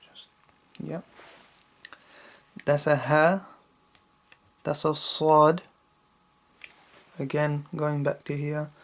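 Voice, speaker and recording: A man teaching slow Quran recitation to children. He is patient, repeats each verse several times and checks in with a questioning "yeah?". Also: fairly high pitch, completely flat delivery, a bit bright.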